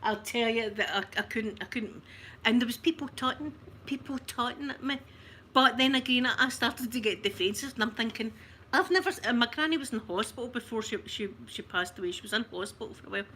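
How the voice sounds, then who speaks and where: A Scottish woman telling a funny family story on her livestream, chatty and animated, often breaking into laughter. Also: fairly high pitch, fairly quick, slight background noise. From Scotland. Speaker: ASMR livestream host.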